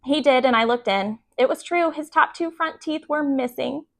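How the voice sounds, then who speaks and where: A woman reading a children's book aloud as a bedtime story, calm and clear. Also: sits high, normal speed.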